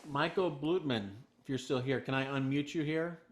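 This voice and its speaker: A man hosting an online interview, relaxed and conversational, taking questions. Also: mid-range voice, normal speed. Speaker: host.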